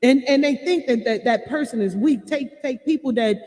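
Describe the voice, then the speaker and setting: A woman hosting a casual live-stream, talking back to her chat in a chatty, emotional way and often bursting into loud laughter. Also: high voice, normal speed, long reverb tail. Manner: chatty, many fillers like "you know what I'm saying". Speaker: channel host reading live chat.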